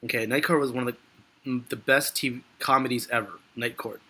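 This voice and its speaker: Bright-voiced, rambling market analyst man. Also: medium pitch, steady tone, fairly quick. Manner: rambling, frustrated, joking. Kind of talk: live market commentary.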